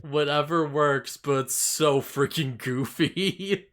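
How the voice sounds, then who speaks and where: A man co-hosting a casual anime recap podcast, chatty, full of "like" and quick laughs. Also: fairly high pitch. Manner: laughs often, filler-heavy, animated retelling. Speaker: podcast co-host.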